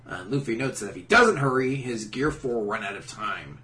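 A man's voice: medium pitch, brisk. A man co-hosting a casual podcast, recapping comic chapters and acting out characters' lines. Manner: animated, acts out character lines in silly voices. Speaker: podcast co-host. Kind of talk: casual manga recap chat.

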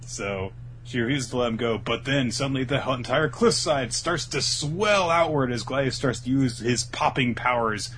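A man in mid range telling a story in a casual chat, animated, with bursts of put-on character voices. There is a faint hiss of noise behind him. His pitch is neither high nor low. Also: normal speed. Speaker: podcast co-host recapping an anime.

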